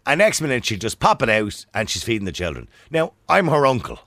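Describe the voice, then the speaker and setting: A man's voice: medium pitch, big pitch swings, fairly quick, fairly bright tone, dry recording. A man with an Irish accent hosting a radio phone-in, chatty and candid with callers and listeners. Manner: candid, chatty, rises sharply when embarrassed. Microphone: studio microphone. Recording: dry close studio sound.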